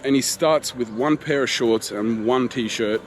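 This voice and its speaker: A man's voice: mid-range voice, measured pace. A man, a travel vlogger animatedly retelling a frustrating encounter to camera. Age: 30s. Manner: animated, exasperated retelling with quoted exchanges. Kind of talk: casual storytelling to camera. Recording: faint street noise behind.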